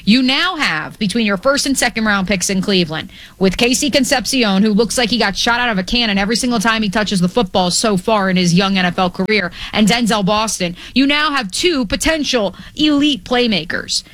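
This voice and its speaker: A woman hosting sports radio talk, brisk and playful with wordplay, on a studio microphone. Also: mid-range voice, a bit bright.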